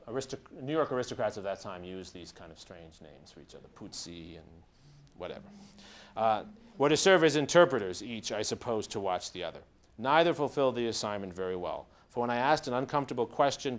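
A man giving a lecture, reading passages from a diary aloud and stopping now and then to explain. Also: fairly low pitch.

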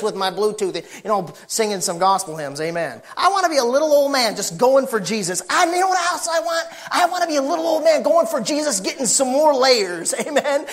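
A man in his thirties preaching a sermon as pastor of a church, animated and joking with the congregation, dropping to quiet asides and rising to shouts. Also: high-pitched, fairly quick, hardly any pauses. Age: 30s. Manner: jokes with the congregation. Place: church sanctuary.

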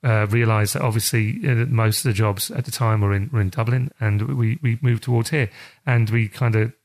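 In a casual interview, a middle-aged man with a South East London accent rambles and keeps restarting his thoughts. His voice is fairly low, steady and darkish, and he talks fairly quickly. He runs a charity as its chief executive.

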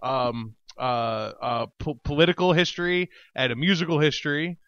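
A man's voice: a little high, moderate pace, a bit bright, dry recording, lo-fi sound. A man hosting a podcast from his home studio, casual and joking, laughing easily as he asks questions. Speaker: podcast host.

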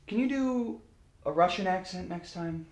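A young man playing a bossy, exasperated film director who yells orders. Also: high voice, animated, normal speed. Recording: echoey room with faint noise.

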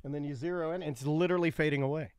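A man co-hosting a radio show, telling stories with deadpan delivery and working up theories in casual banter. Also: a little high, rapid-fire, clear, resonant tone, no echo, clean studio sound. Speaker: co-host. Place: radio studio.

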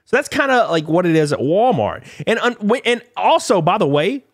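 A man's voice: high-pitched, very animated, fairly quick, no echo, studio quality. A man streamer reads workplace complaints aloud and rants bluntly about them, swearing casually. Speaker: streamer commentator. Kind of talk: reading posts aloud and ranting.

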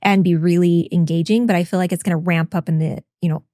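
Woman podcast co-host, slightly low voice, eager conversational tone, dry close mic. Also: fairly even intonation, fast talker, mellow, dry recording. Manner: enthusiastic, frequent agreeing fillers. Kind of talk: casual chat.

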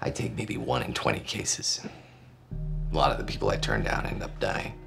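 A sardonic, gravelly doctor. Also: male voice, very deep voice, very animated, normal speed, music in the background, heavily acted. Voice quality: gravelly, dry and cutting. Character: sardonic limping middle-aged male doctor. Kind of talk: TV drama acting.

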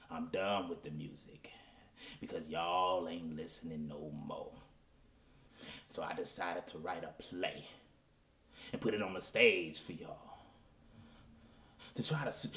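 A man's voice: low voice, darkish tone, reverberant. A man playing a washed-up, self-pitying male soul crooner in a comedy character monologue, melodramatic and pleading, dropping at times into whispers. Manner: melodramatic, pleading, addresses the audience, drops to whispers.

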